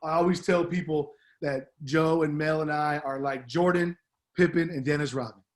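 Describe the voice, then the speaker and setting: A man's voice: on the high side, steady tone, normal speed. Heartfelt man giving a slangy farewell. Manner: upbeat, slangy, heartfelt with many fillers. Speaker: departing assistant principal. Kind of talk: farewell speech on school announcements.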